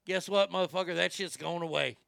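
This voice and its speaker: A man's voice: sits high, steady tone, brisk, creaky, a bit bright, no room sound, studio quality. A man hosting a commentary show, delivering a brash, swaggering, profane comedic rant. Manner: brash, swaggering, heavy swearing.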